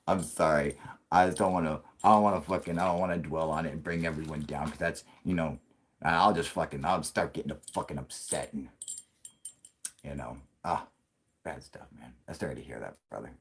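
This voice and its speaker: A man's voice: extremely low pitch, moderate pace, breathy edge. A man hosting a casual late-night livestream, talking in a rambling, profane way and laughing often. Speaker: livestream host.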